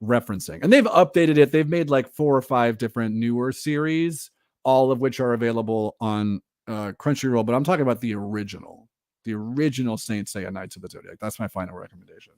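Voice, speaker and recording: A man co-hosting a casual podcast chat, animated and full of fillers, laughing often. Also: mid-range voice, brisk, no echo, studio quality. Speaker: podcast co-host.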